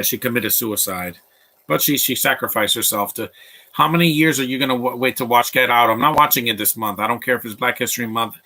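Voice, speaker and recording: Blunt, rambling man with a bright voice. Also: medium pitch. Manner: blunt and opinionated, rambling with restarts. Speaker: host of a live movie commentary stream. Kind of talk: casual live movie commentary.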